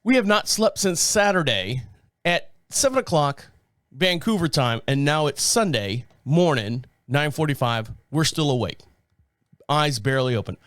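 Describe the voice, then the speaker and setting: A man's voice: on the high side, unhurried, no room sound, clean studio sound. A man hosting a podcast, telling a casual story with lots of swearing and laughter. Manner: animated, profane, laughs often. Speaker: podcast host.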